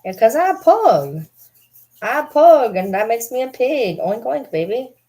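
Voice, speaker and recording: A woman voicing her old female pug dog, speaking in a high, cutesy baby voice, cuddly and a little sassy. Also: very animated, unhurried, warm tone, breathy edge, heavily acted. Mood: playful.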